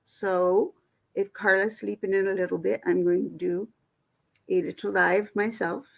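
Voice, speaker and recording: A woman's voice: medium pitch, steady tone, measured pace, vocal fry, slightly rough. A woman hosting her own livestream, talking casually and venting with frustration, rambling and restarting her sentences. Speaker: livestream host. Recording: dull lo-fi stream audio.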